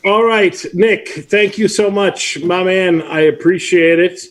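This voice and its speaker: A man's voice: high voice, steady tone, slow pace. A middle-aged man hosting a livestream, chatting casually and telling a teasing story. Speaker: host.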